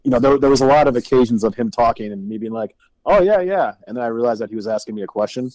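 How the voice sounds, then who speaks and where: A man co-hosting a podcast, dropping dry, deadpan jokes in casual chat. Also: mid-range voice, rapid-fire, a little hiss or hum, rough recording. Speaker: podcast co-host.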